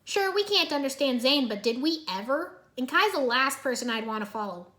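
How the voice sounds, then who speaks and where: A woman's voice: sits high, very animated, moderate pace, a bit bright. A woman voicing a brash, bossy young male ninja. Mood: cocky.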